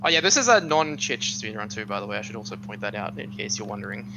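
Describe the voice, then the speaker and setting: A man commentating a speedrun race over voice chat, bantering quickly and laughing often. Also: fairly low pitch, rough recording. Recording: steady hum under the voice chat.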